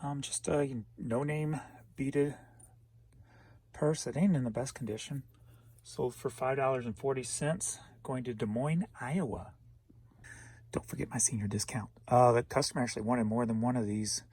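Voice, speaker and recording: A man's voice: mid-range voice, moderate pace, a little mellow, slightly rough. A man giving a laid-back rundown of items he sold online, listing each one and where it is going, chuckling now and then. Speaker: online reseller. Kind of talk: casual sales rundown.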